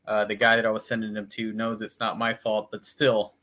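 A man's voice: fairly low pitch, completely flat delivery, brisk, pushed and bright. A man co-hosting a casual podcast, easygoing and rambling, swearing freely as he tells stories about his week. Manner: easygoing, profane, rambling storyteller. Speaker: podcast co-host.

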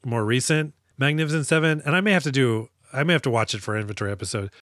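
A man's voice: mid-range voice, racing, a bit bright, no echo, clean studio sound. A man co-hosting a casual movie podcast, joking around and retelling film scenes with bits of put-on dialogue. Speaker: podcast co-host. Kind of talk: casual movie-review chat.

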